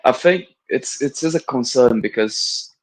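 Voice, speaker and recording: A man's voice: mid-range voice, animated, unhurried, no echo, poor audio. A man co-hosting a live football watch-along, firmly arguing tactics in casual chat. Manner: argumentative, explains tactics firmly.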